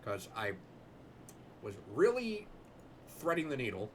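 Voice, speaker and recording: A young man giving excitable, jokey let's-play commentary, swearing casually. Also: medium pitch, slow pace, slight background noise. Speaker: gaming host.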